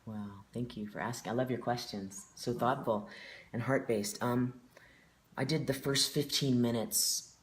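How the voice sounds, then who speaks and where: A man's voice: medium pitch, steady tone, a little slow, slight background noise. A man in his forties, a stage performer telling stories in an interview with a heartfelt, earnest manner. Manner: heartfelt, earnest, emotionally open. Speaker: guest performer. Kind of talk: storytelling in an interview.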